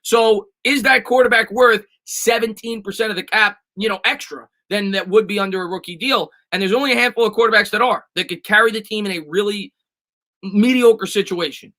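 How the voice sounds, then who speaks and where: A man with a high, bright voice hosts a casual sports live stream and answers viewer comments. He talks emphatically and often restarts or repeats himself. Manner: fast and emphatic, with frequent restarts and repetitions.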